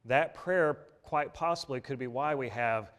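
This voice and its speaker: A man's voice: medium pitch, a little slow, a bit bright. A man preaching a conversational sermon in a folksy, plain-spoken way, often repeating words and restarting phrases, chuckling now and then.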